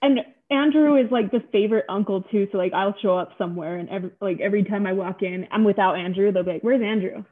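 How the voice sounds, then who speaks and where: A woman's voice: medium pitch, fast, hardly any pauses. Giggly woman on a tinny line. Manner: giggly, animated storyteller. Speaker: podcast co-host. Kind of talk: casual chat.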